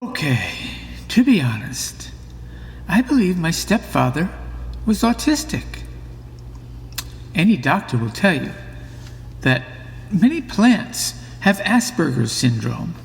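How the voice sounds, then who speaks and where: A man's voice: a little high, big pitch swings, takes it slowly, gravelly, pauses often, long reverb tail, a little hiss or hum. A man reading a scripted comic monologue with dry, mock-serious storytelling. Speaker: narrator of a mock book trailer.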